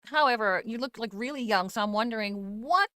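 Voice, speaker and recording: A woman's voice: a little high, fairly quick, pushed and bright, clear, resonant tone, dry recording, clean studio sound. A woman hosting a casual reaction commentary, sarcastic and skeptical, with laughing asides. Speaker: commentary host.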